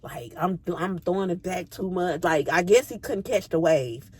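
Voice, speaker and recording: Animated, slangy woman telling a story. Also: moderate pace, husky. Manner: animated, jumps from low mutters to high squeals; slangy and profane, addresses viewers directly. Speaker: vlogger. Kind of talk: casual storytime.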